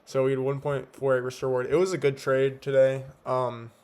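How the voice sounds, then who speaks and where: A man's voice: medium pitch, completely flat delivery, normal speed, a little mellow. A young man giving a laid-back, slangy recap of his trading day, talking with a slight lisp from teeth whitening strips. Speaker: day trader. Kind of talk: casual trade recap. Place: home at night.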